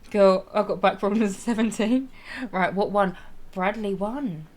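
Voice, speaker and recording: A woman's voice: mid-range voice, measured pace, a little mellow, slight background noise. A young woman streaming a life-sim game, chatting casually with viewers, giggling, restarting sentences and apologizing as she goes.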